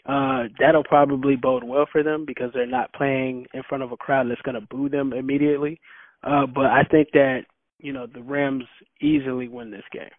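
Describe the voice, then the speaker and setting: A man's voice: medium pitch, moderate pace, no room sound. A man co-hosting a podcast, giving blunt, matter-of-fact football predictions. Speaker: podcast co-host. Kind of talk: casual sports talk. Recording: dry phone-like sound.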